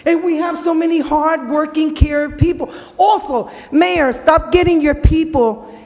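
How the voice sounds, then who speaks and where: High-voiced woman venting at a council meeting. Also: steady tone, a little slow, a little mellow. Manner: blunt, emotional, profane. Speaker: resident speaking at public comment. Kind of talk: impassioned public comment. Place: city council chamber. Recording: long reverb of a council hall.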